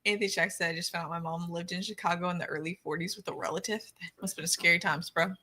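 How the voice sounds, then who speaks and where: A woman's voice: on the low side, steady tone, quick pace, pushed and bright. A woman from the rural Midwest co-hosting a watch-party stream, reading chat and joking bluntly with lots of swearing. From rural Midwest of the United States. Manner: laughs often, swears, blunt. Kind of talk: casual joking commentary.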